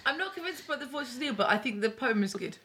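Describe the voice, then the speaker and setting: A woman chats casually, encouraging the others and often laughing. Her voice is high and bright. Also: expressive, quick pace. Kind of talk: casual chat.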